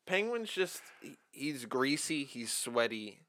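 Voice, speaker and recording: A man co-hosting a laid-back movie podcast, his voice bright and ringing. He talks playfully and animatedly, often breaking into laughter as he retells scenes. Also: mid-range voice, very animated, slow. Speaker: podcast co-host. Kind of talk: casual movie podcast chat.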